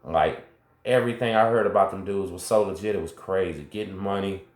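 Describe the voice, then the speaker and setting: A man's voice: sits low, a little fast, reverberant. A middle-aged man, hosting and telling his own story in a casual, slangy way, talking straight to viewers. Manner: laid-back, slangy, talks straight to viewers. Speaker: host. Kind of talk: casual first-person storytelling.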